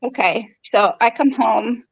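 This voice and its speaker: A woman's voice: fairly high pitch, unhurried, creaky, husky, dry recording, lo-fi sound. A woman in her fifties telling a personal story in a frank, conversational way. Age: 50s. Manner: frank and conversational, acting out quoted dialogue. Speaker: podcast host.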